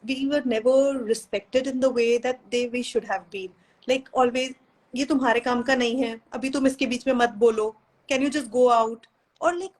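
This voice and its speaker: Husky-voiced woman giving parenting advice. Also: sits high, darkish tone, poor audio. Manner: earnest, advice-giving, mixes in Hindi phrases. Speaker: parenting live-stream host. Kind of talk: casual live chat.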